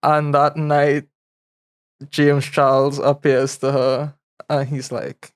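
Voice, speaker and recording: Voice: mid-range voice, a little slow. A podcast co-host spinning a comedic story with frequent laughter and loose grammar. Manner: animated storyteller, laughs often, nonstandard grammar. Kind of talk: casual comedic brainstorming.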